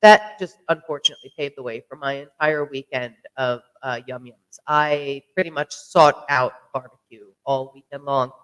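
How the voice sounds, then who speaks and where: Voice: medium pitch, normal speed, few pauses, fairly bright tone, clear, resonant tone, rough recording. A podcast host talking casually to the camera, rambling along with lots of fillers and restarts while sipping a drink. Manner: chatty and rambling, with many fillers and self-corrections. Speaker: podcast host reviewing beer.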